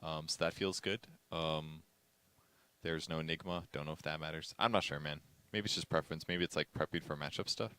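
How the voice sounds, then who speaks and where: A man's voice: extremely low pitch, fairly even intonation, fairly quick, pushed and bright, clear, resonant tone, no echo. A man casting a video game match in a laid-back, rambling way, thinking aloud about the picks. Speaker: esports caster. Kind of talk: casual game commentary.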